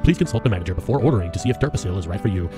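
A man reading a mock drug-commercial disclaimer in a hushed, rushed fine-print voice. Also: low-pitched, expressive, music in the background. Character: rapid ad-disclaimer announcer, male adult.

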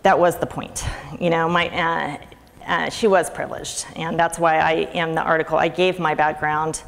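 Casting: middle-aged woman, low gravelly voice, snarky and chatty, speaking in a reverberant hall. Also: level tone, moderate pace. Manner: chatty, sarcastic, laughs often. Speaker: conference speaker. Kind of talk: conference talk. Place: lecture hall. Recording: reverberant hall with faint ambient noise.

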